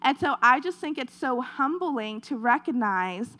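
Slow-speaking high-voiced woman preaching. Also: expressive, sharp tone. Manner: earnest, repeats phrases, retells scripture in a conversational tone. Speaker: speaker giving a devotional talk. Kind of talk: preaching-style devotional talk.

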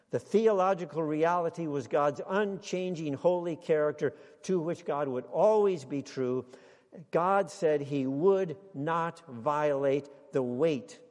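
A man preaching a sermon to a congregation, speaking deliberately and building to emphatic exclamations. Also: on the high side, darkish tone, long reverb tail. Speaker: pastor.

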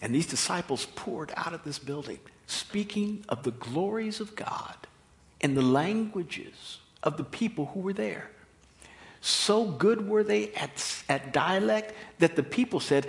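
American man, preacher, sermon, emphatic, high pitch. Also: unhurried. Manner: emphatic, expressive preaching delivery.

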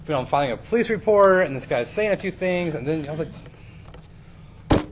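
A man's voice: high-pitched, normal speed, pauses often, a little hiss or hum. A man preaching in a casual storytelling way, chatty and self-deprecating with many fillers.

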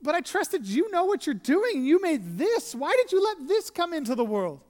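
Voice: extremely high pitch, very animated, moderate pace, darkish tone, pitched above the performer's own voice. Preacher acting despairing ancient man, raised anguished pleading, sermon, long reverb. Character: despairing ancient man begging God for death.

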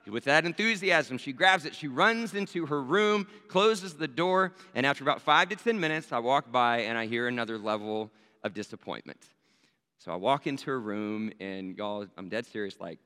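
A man's voice: mid-range voice, sharp tone, smooth. A man, a pastor, telling a story in a sermon, talking casually and turning to his listeners with rhetorical questions. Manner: conversational, addresses listeners directly with rhetorical "right?". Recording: long hall reverb.

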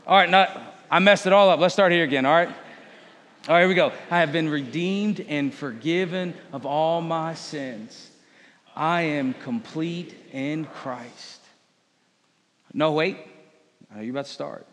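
A man's voice: on the high side, moderate pace, fairly bright tone, in a large hall. A man preaching a sermon as pastor, leading his congregation through spoken declarations. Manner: leads congregation in call-and-response declarations.

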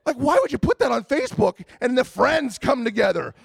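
A man preaching a sermon, animated, acting out the people in his stories. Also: extremely high pitch, a little fast, creaky, hardly any pauses, slightly rough, no echo, clean studio sound. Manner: animated storytelling, acting out quoted voices. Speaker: pastor.

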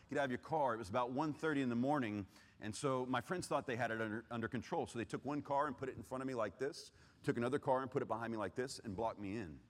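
A man telling his personal testimony earnestly, swinging between loud urgency and hushed, heavy pauses. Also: mid-range voice. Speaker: speaker giving testimony. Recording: long reverb of a large hall.

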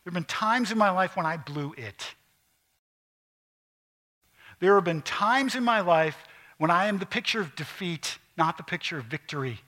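Bright-voiced male pastor preaching. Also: high-pitched, animated, normal speed, long pauses. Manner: earnest preaching, rising to emphatic peaks and dropping to quiet asides. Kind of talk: sermon.

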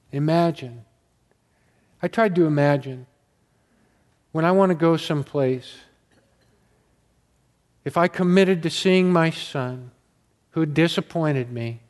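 A slow-spoken pastor delivers his sermon in a fairly high voice for a man. He lingers over phrases and repeats key words with quiet emphasis. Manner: slow, earnest storytelling with emphatic repetition.

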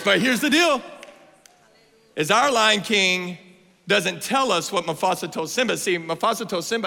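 Male preacher, 30s, bright and forceful, playful build to shouts, big hall echo. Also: high voice, unhurried, gravelly. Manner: playful, energetic, rising to shouts. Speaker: guest preacher. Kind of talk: sermon. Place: church sanctuary. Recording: long hall reverb.

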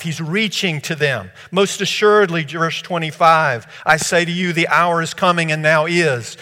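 A man preaching a sermon, moving between quiet scripture reading and loud, excited retelling. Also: fairly high pitch, normal speed, hardly any pauses, long reverb tail. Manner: animated, swings from hushed scripture reading to loud excited storytelling.

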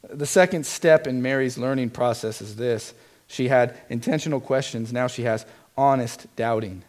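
A man's voice: mid-range voice, moderate pace, a little mellow. A man preaching a sermon as pastor, earnest and emphatic, putting direct questions to his congregation.

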